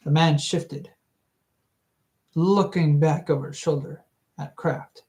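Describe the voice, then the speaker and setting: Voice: medium pitch, fairly even intonation, takes it slowly, long pauses, a little mellow, poor audio. A hobby book reader narrating casually, breaking off into giggly, rambling, self-correcting asides. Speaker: audiobook reader.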